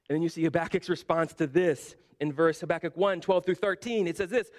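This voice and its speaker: High-voiced man preaching conversationally. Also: fast, few pauses. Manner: conversational, animated retelling with frequent "like". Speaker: pastor. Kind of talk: sermon.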